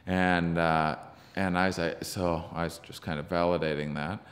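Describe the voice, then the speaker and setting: A comedian being interviewed, telling a story in a halting, searching way with many ums and restarts. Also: male voice, low-pitched, level tone. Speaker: podcast guest, comedian. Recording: long reverb from the room.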